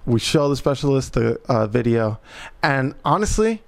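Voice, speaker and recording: A man's voice: medium pitch, normal speed, creaky. Man telling a story with slang. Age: adult parent. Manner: animated anecdote-telling, laughing, profane slang. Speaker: podcast co-host. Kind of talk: casual storytelling chat.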